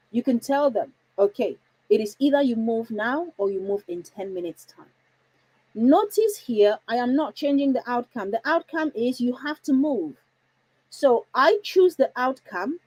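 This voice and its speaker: A woman's voice: on the high side, warm tone, slightly rough, no room sound, poor audio. A woman hosting a parenting livestream from home, chatty and reassuring, often putting questions to her viewers. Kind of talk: casual livestream talk.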